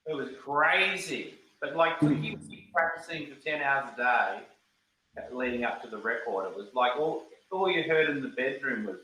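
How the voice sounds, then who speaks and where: New guy telling band stories, bright tense voice, echoey room with a faint hiss. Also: mid-range voice, expressive, moderate pace. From New Zealand. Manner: rambling, repeats words, acts out quotes. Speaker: band guitarist. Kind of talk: casual storytelling interview. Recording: roomy echo, faint background noise.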